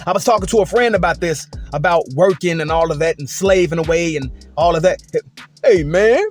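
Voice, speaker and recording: A man's voice: a little high, fairly quick, soft background music. A man telling a work story and giving his opinion in a casual, emphatic, repetitive way. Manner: emphatic, repetitive, conversational with frequent "et cetera" and "okay?". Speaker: commentator.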